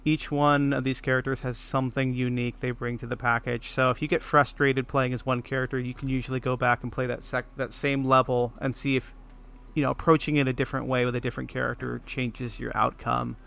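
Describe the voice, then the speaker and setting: A man's voice: mid-range voice, level tone, brisk, gravelly, fairly bright tone. A man guesting on a gaming podcast, talking casually with many ums and a wry edge.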